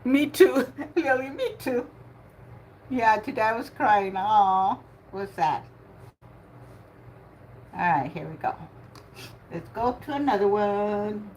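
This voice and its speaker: A woman's voice: mid-range voice, expressive, slow pace, pauses often, a little mellow, slight background noise. An older woman hosting a casual livestream bingo game. She chats and laughs often, and greets her viewers by name. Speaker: livestream host running bingo. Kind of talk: casual live chat.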